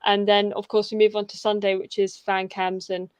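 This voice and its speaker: A woman's voice: mid-range voice, flat delivery, normal speed, clear, resonant tone, no room sound. Brief: young female stream host, chatty, fillers, slightly worn voice, dry close sound. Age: young adult. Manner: chatty, upbeat, full of fillers and restarts. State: losing her voice. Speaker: fan channel host. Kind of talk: casual fan livestream chat.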